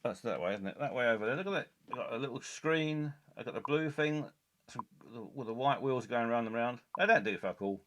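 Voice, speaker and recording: A man hosting a comic live stream, rambling along with halting speech full of fillers and restarts. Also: medium pitch, animated, fairly bright tone.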